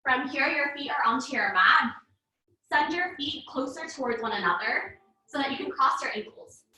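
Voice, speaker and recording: A woman guides a live online yoga class, calmly cueing each breath and pose while slightly out of breath. Her voice is high and bright. It carries from a camera across an echoey room. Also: normal speed, distant mic. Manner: calm cueing, breath-paced instructions. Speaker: yoga teacher.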